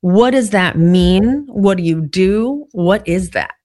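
A podcast host leans into curious, conversational questions for a guest. The voice sits at a middle pitch. The recording is dry, with no room sound around it. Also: lively intonation, slow pace, darkish tone, no echo. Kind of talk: interview questions.

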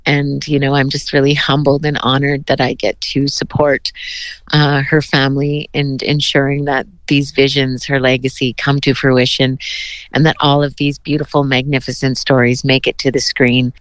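Heartfelt woman, smooth and dry. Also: a bass voice, level tone, no echo. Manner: heartfelt, measured, with frequent "you know". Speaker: politician interviewed as a guest. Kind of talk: remote news interview.

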